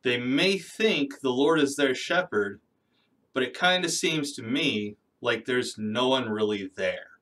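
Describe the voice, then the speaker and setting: A man's voice: medium pitch, unhurried, a bit bright, recorded from a distance. Skeptical man heard a bit off-mic. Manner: critical, skeptical. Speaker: commentator reacting to a video. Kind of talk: reaction commentary.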